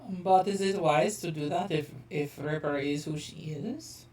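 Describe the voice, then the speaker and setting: Woman tabletop player, lower voice, a bit off-mic, playful and giggly. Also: a little slow, darkish tone, roomy sound, far from the mic. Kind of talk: casual tabletop play.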